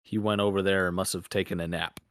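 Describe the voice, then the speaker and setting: A young man with a lowish voice, chatting casually as a podcast co-host. He rambles through crude work stories and swears freely. The sound is close and dry. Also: flat delivery, fast, fairly bright tone, dry recording. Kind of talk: casual chat.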